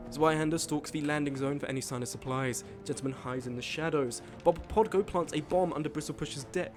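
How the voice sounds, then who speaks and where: A man hosting a live stream, reading out game events in casual commentary, excitable and swearing freely while joking with his chat. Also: a little high. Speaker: streamer host.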